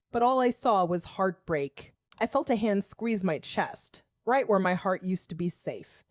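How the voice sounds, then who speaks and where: A woman in her forties from the American South narrates her own story in a wry, confessional first person. Her mid-range voice comes through close and dry, with no room around it. She keeps a measured, steady delivery. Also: medium pitch, no room sound. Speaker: storyteller, school principal.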